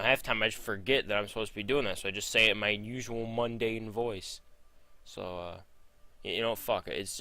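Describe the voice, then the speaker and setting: A man's voice: lowish voice, sharp tone. A man reading a script aloud, breaking off into rambling, profane, self-mocking asides. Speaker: script reader. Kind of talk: casual rambling read-through.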